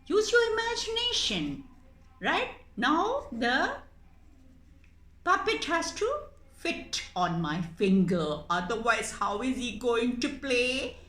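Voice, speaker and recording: A woman speaks slowly and gently, explaining a paper puppet craft to children in a lively, sing-song voice. Her tone is high and bright, and she is recorded in an echoey room with a faint hum behind her. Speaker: puppet maker and storyteller for children.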